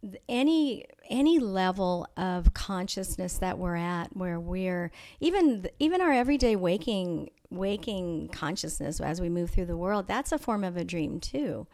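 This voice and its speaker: A woman's voice: fairly low pitch, animated, a little mellow. Thoughtful woman telling a personal story. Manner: thoughtful and measured, with frequent pauses and restarts. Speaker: interview guest. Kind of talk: reflective personal storytelling in conversation.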